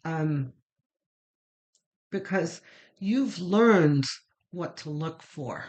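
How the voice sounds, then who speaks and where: A woman's voice: low-pitched, lively intonation, very slow, a little mellow, dull audio. A middle-aged woman giving a casual, meandering tarot reading, chatty and full of fillers. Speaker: tarot reader.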